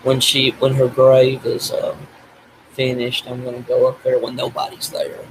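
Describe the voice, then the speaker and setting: An older man talking in a tearful video diary, grief-stricken and blaming himself, speaking haltingly with restarts and breaking off as he cries. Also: mid-range voice, completely flat delivery, noisy background. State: crying. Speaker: vlogger.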